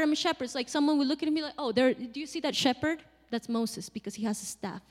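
A woman giving a sermon in a conversational, animated way, acting out quotes and laughing now and then. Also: on the high side, big-room sound. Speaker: preacher.

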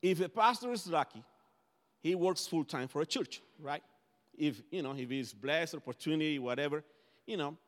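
A man's voice: on the high side, moderate pace. A man whose first language is Spanish, preaching a conversational sermon as pastor, often restarting his phrases. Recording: long hall reverb.

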